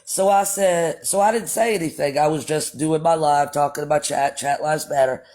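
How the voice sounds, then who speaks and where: A man's voice: on the high side, fairly even intonation, moderate pace, darkish tone. A man hosting a livestream who tells a story in a casual, blunt, profane way and talks straight to his viewers. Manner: blunt and profane, addresses chat as y'all. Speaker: livestream host.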